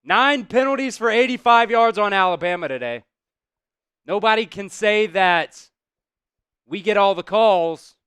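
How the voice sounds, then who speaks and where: A man hosting a live stream, calling plays casually, reacting loudly, swearing and talking to his chat. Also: sits high, unhurried, clean tone, no room sound. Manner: excitable, swears, talks to chat. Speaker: host doing live play-by-play.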